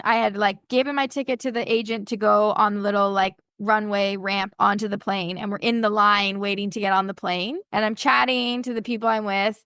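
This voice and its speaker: A woman's voice: mid-range voice, no echo. Chatty woman, dry close sound. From Toronto, Canada. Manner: chatty, animated storyteller. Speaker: podcast guest. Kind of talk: casual chat.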